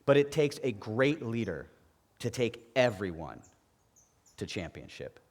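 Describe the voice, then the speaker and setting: A man's voice: on the low side, measured pace. A middle-aged man, a martial arts master instructor, telling plainspoken stories in a talk at a retreat. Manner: animated, plainspoken anecdotes.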